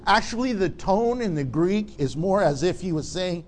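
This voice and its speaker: A man preaching a sermon, animated and laughing often, acting out the people in his story. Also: sits high, a little slow, long pauses. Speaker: pastor.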